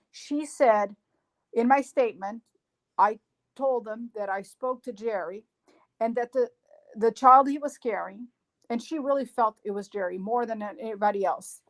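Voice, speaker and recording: A woman guest on a podcast, retelling events in an animated way with frequent restarts and fillers. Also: on the high side, normal speed. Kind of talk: casual podcast discussion.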